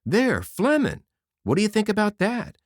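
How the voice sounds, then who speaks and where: A man's voice: high voice, huge pitch swings, normal speed, no echo, clean studio sound, voice pushed up. A man voicing an eager young male soldier who rambles through a story in folksy slang. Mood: eager bragging.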